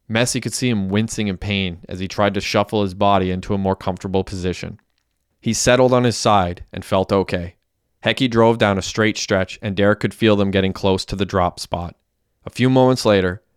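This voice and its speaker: A man narrating a crime audiobook in a steady, plain storytelling manner. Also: on the low side, clear, resonant tone, no room sound, studio quality.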